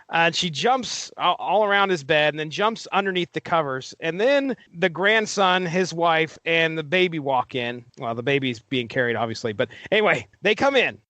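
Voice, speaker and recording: A chatty man with a fairly high voice co-hosts a relaxed comic book podcast. He retells scenes with plenty of laughter. The sound is close and dry, with no room echo. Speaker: podcast co-host. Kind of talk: casual comic book discussion.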